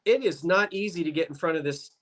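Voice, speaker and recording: A South Jersey man with a Delaware Valley accent talks at a quick pace, his voice on the high side and a bit bright. He's a guest on a video call livestream, rambling through casual chat.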